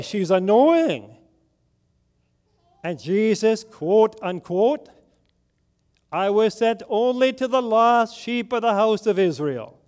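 A male preacher delivering a sermon in a notably high voice. He speaks slowly, letting each phrase land as he tells the story with drama. He keeps turning rhetorical questions back to his listeners. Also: darkish tone.

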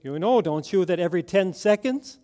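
A man's voice: high voice, expressive, a little fast, dark tone. A man preaching a sermon, telling a story dramatically and asking the congregation rhetorical questions.

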